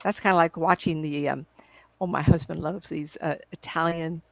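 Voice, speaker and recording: Her voice is low, creaky and steady, moving at a moderate pace, and the audio from her computer microphone is poor though echo-free. A middle-aged woman who works as a psychic medium, she's on a home video call for a casual interview, wandering through long tales and playing out remembered conversations.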